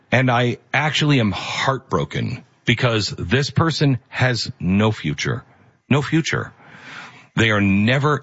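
A man's voice: on the low side, a bit bright, highs cut off. A male host giving earnest, emphatic opinion commentary.

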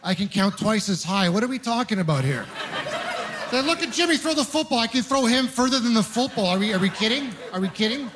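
A young man from Ontario performing a stand-up comedy set on a club stage, telling animated, self-mocking stories into a handheld mic. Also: very high-pitched, a little fast, noisy background. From Ontario, Canada.

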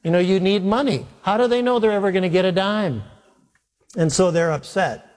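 A pastor tells a sermon story with a wry, self-mocking humor and plays every part in the exchange himself. His voice sits a little high for a man. The sound rings out with the long reverb of a large hall. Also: a little fast. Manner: animated, self-mocking storyteller acting out dialogue.

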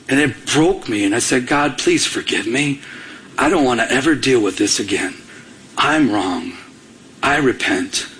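Middle-aged guy from michigan preaching, kinda high voice, acts out his own lines. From Michigan, USA. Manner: animated storytelling, acting out his own past jealousy. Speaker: pastor. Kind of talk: sermon with personal story.

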